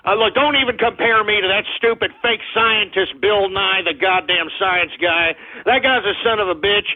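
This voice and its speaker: A man with a Texan accent hosting a talk radio show, ranting belligerently and hurling profane insults at his listeners. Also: high-pitched. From Texas. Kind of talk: abrasive call-in radio rant. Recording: phone-like lo-fi radio audio.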